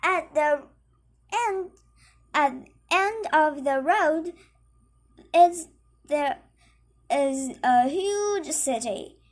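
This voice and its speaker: A woman reading a children's story aloud, halting, with frequent slips and self-corrections. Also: high-pitched, animated.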